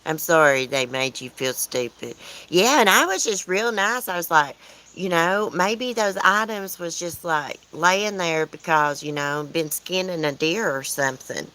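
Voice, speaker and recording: Low-voiced chatty Southern US woman. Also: expressive, a little slow, pushed and bright, rough recording. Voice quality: chatty, rambling, answers chat comments aloud. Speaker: livestream host. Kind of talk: casual livestream chat with viewers. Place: outdoors at home, windy.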